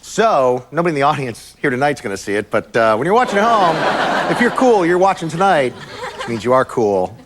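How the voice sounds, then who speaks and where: A man's voice: fairly high pitch, sing-song, fairly quick. A man hosting an improv comedy show to a live audience, chatty and loose with filler sounds. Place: large green-screen soundstage with a live audience. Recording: live studio audience and background noise.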